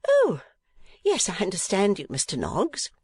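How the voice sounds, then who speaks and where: A man's voice: very high voice, big pitch swings, measured pace, no room sound, clean studio sound, pitched above the performer's own voice, heavily acted. A man reading an audiobook, voicing a fussy, talkative middle-aged mother in a raised, swooping voice. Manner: rambling, flustered, swooping. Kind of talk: audiobook character voice.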